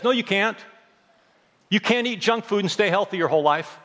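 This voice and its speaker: A man's voice: high-pitched, animated, normal speed, pauses often, fairly bright tone, in a large hall. A man in his fifties preaching a sermon, emphatic, repeating phrases and throwing in humorous asides. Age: 50s. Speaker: pastor.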